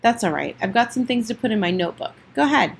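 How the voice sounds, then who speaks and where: A woman's voice: fairly high pitch, animated, fast talker, creaky, slightly rough, pitched above the performer's own voice, full character voice. A woman reading the lines of a curious young girl who wants to be a spy, eager and inquisitive. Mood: earnest.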